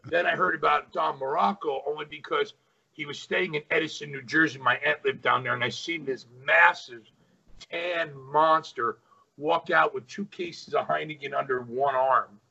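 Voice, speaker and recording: A middle-aged man telling rough, animated wrestling stories in a casual, profane way. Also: a little high, moderate pace, muffled recording. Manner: animated, swears freely, acts out quotes. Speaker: wrestling guest. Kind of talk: casual storytelling.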